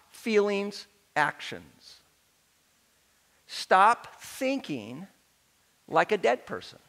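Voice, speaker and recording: A middle-aged male pastor preaching a sermon to his congregation, animated and joking, getting the crowd to respond. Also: sits high. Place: large church hall. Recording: reverberant church hall.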